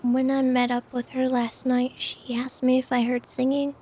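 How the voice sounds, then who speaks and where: A woman in her thirties in a roleplay game, telling what happened in a hesitant, halting way. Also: high voice, completely flat delivery, dark tone, slightly rough. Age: 30s. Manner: hesitant, repeats words while telling. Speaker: streamer and roleplay player. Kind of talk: in-character recounting in a game.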